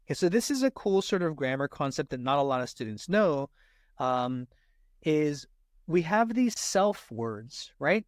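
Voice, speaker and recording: Male tutor, casual lesson delivery, habitual "right?" checks, slightly high voice, dry close sound. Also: no room sound. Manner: repeats "right?" after nearly every point; slows down to stress example sentences. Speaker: SAT tutor. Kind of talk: casual teaching explanation.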